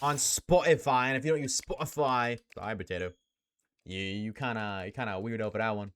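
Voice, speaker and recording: A man's voice: fairly low pitch, fairly quick, a bit bright, clear, resonant tone. A young man live-streaming, chatting casually with his chat, slangy and swearing often.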